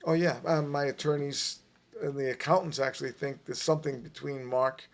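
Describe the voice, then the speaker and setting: Emphatic gravelly man telling a story. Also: mid-range voice, normal speed. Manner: emphatic, animated storyteller, repeats himself. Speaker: podcast guest. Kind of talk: casual storytelling.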